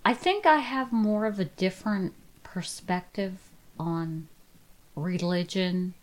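Slow-talking middle-aged woman telling stories. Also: lowish voice. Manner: animated retelling of spooky stories. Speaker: podcast guest. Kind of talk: casual storytelling.

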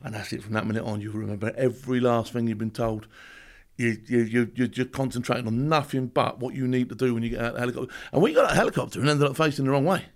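A man, a former soldier, telling stories in a casual interview, animated and laughing as he acts out what others said. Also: mid-range voice, very fast. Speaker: podcast guest, former special forces soldier.

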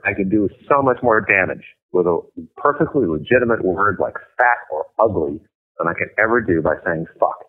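A middle-aged man with a very deep, low voice speaks bluntly and emphatically, swearing freely as a guest author in a casual chat. His voice comes through a thin, tinny line that sounds like a telephone. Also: lively intonation, brisk.

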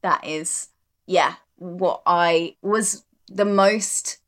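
A woman coach speaking as a podcast guest in relaxed conversation, reflective and earnest, often repeating words for emphasis. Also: lowish voice, very slow.

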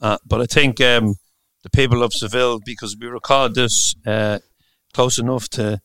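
Smooth-voiced male interviewer. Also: mid-range voice, fairly even intonation, moderate pace, sharp tone. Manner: friendly, thanking, prompting stories. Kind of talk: casual interview.

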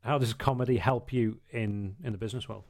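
A man's voice: fairly low pitch, fairly even intonation, brisk, a little mellow. Polite, hesitant male podcast host. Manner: polite, encouraging, hesitant with ums. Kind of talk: interview questions.

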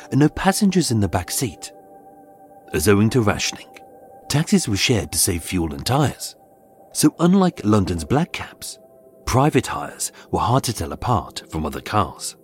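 Man, scripted true-crime narration, deep-ish voice, very expressive pitch, faint music underneath. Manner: measured, dramatic storytelling with suspenseful pauses. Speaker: podcast host and narrator. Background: faint background music.

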